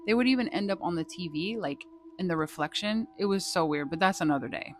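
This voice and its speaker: A woman with a fairly low voice tells a ghost story in a casual vlog, lively and dramatic and swearing freely. A clear background ambience hums under her voice. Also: quick pace, a little hiss or hum. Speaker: vlogger telling a ghost story.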